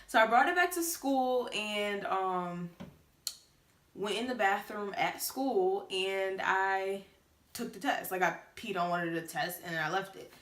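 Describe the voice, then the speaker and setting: A woman's voice: mid-range voice, measured pace, fairly bright tone, reverberant. A late-teen woman telling a personal story to the camera, chatty and casual with many fillers. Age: late teens. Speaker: vlogger.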